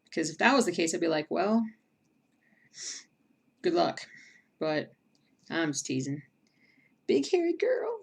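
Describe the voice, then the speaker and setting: Woman, livestream host, casual chat, gravelly, lowish voice. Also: measured pace, pauses often. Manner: chatty, reads viewer comments aloud, bursts into excited yelling. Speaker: stream host.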